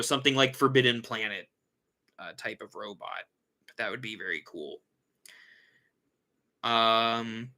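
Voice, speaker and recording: Bright-voiced man chatting on a livestream. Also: mid-range voice. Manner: rambling, self-correcting, yawning. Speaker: host. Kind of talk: casual livestream chat.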